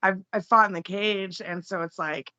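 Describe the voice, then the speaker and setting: A young woman talks as a podcast guest in an upbeat, chatty way, often breaking into laughs. Her voice is bright and forceful. The audio sounds dull and lo-fi, with a dry, close feel. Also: mid-range voice, steady tone, moderate pace, no echo. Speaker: podcast guest, fighter and law student. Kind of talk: casual interview chat.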